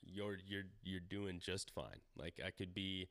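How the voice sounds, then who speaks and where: Podcast co-host, man in his thirties: low, loose, profane, recorded dry and close. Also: fairly even intonation, measured pace, fairly bright tone, no echo. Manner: rambling, profane, frequent "like" and restarts. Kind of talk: casual podcast chat.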